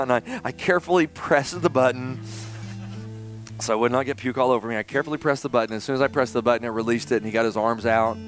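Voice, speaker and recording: A middle-aged man preaching a sermon in church, telling a personal story and swinging between loud emphasis and hushed, tender passages. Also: medium pitch, fast, faint music behind. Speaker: pastor. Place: church sanctuary.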